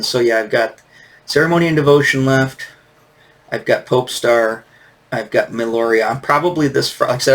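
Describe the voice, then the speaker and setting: A man's voice: mid-range voice, fairly bright tone. A man hosting his own vinyl channel, rambling in casual vlog talk, ranting and swearing, with many fillers and restarts.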